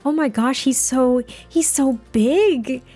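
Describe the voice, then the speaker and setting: A sweet young woman, put on by a woman narrating a life-sim game, coos over the baby in a high, gushing voice. Her pitch rises well above an ordinary talking voice, soft and breathy at the edges. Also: slow, soft background music.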